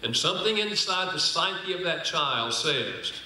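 Bright-voiced man in echoing hall. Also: fairly high pitch, lively intonation. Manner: folksy, humorous, slows down to stress points. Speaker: speaker on marriage and apology. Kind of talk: church seminar talk. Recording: very echoey hall.

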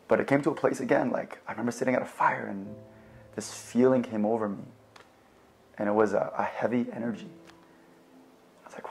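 A young man telling his faith testimony in a relaxed, conversational way, with fillers and replayed conversations. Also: mid-range voice, a little fast, vocal fry, long pauses, a little hiss or hum. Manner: animated, acts out both sides of remembered conversations. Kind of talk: personal storytelling.

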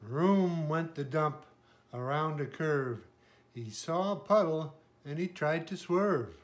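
Slow, gentle older man reading a picture book. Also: a little high, expressive. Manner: gentle, pauses to point out pictures. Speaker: grandfather reading to a child.

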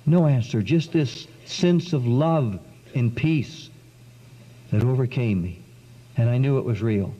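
A man giving an earnest, dramatic spoken testimony to an audience, with long pauses and sudden swings in pitch. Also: animated, mellow. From South Carolina. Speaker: speaker giving a testimony talk. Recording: dull lo-fi 1990s recording in a long-echo hall.

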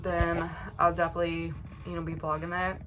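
A woman's voice: lowish voice, level tone, a little fast, fairly bright tone, slight background noise. A young woman chatting casually to her vlog audience, rambling and emotional with lots of fillers and restarts. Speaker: vlogger.

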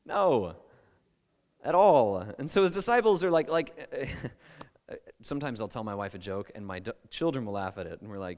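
A male pastor preaching a sermon in a conversational, animated way, with playful asides. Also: mid-range voice, moderate pace, big-room sound.

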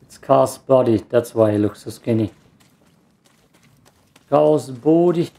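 A man's voice: mid-range voice, takes it slowly, gravelly, warm tone. A man with a German accent, a native German speaker, giving rambling, self-mocking let's play commentary and cursing at the game. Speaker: gamer.

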